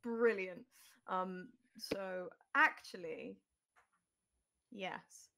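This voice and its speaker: A woman's voice: medium pitch, very slow, gravelly, bright, forceful tone. A woman game master narrating an online tabletop game in a loose, descriptive way, thinking aloud as she goes.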